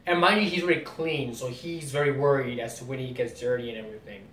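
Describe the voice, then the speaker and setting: A man's voice: fast talker, fairly bright tone. A man hosting a casual comic reaction video, rambling and explaining as he goes. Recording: roomy distant mic, faint rumble.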